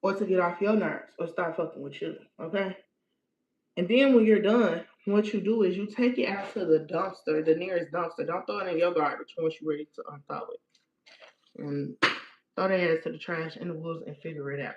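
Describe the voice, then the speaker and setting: A woman's voice: fairly low pitch, moderate pace, darkish tone. A woman giving blunt, profane, emphatic how-to instructions in a casual livestream. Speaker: spiritual practitioner. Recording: echoey room, dull lo-fi sound.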